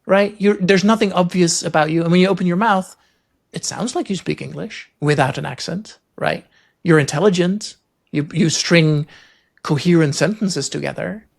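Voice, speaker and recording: A man hosting a podcast interview, chatting casually and thinking aloud with animated quoted asides. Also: fairly high pitch, normal speed, creaky. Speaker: podcast host.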